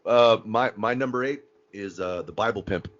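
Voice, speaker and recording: Low-voiced male podcast co-host, animated fan chat, muffled lo-fi audio. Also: moderate pace. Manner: animated, acts out quotes, laughs often.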